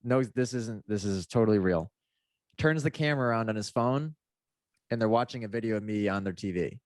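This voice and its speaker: A man's voice: fairly low pitch, fairly quick, darkish tone, no echo, studio quality. A man, a mindset coach guesting on a podcast, telling a story casually, laughing and acting out the messages he quotes.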